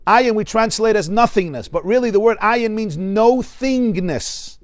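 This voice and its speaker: New york rabbi giving a torah class, emphatic, highish voice, dry close sound. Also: male voice, brisk, no echo. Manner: emphatic, repeats words for stress, quotes Hebrew texts. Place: study hall class.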